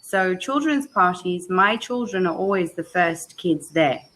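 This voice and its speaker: A woman with a British accent tinged by Australian and South African sounds, chatting casually as an English tutor on a video call, telling stories with lively laughter. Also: lowish voice, unhurried, a little hiss or hum, poor audio. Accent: British blended with Australian and South African. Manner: chatty, laughing, animated storyteller. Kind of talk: casual chat.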